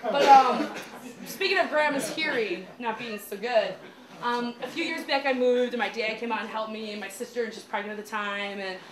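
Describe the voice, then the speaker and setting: A woman doing stand-up storytelling in a small comedy club, chatty and animated, full of "like" fillers. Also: on the high side, normal speed. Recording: echoey club room with crowd noise.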